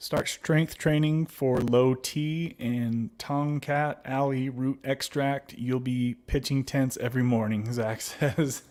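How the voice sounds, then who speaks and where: A man's voice: mid-range voice, fairly even intonation, takes it slowly, few pauses, darkish tone. A man hosting a casual livestream, reading viewer comments aloud and answering them, laughing often and calling viewers buddy. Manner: laughs often, reads chat aloud and replies; friendly, calls viewers babies and buddy. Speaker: livestream host.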